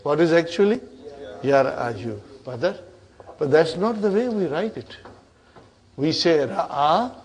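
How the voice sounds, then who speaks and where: Man, grammar teacher, unhurried, slightly high voice, addresses student as brother. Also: expressive. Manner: drills verb forms, keeps asking "huh?" and "okay?". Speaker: Arabic teacher. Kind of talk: classroom grammar lesson.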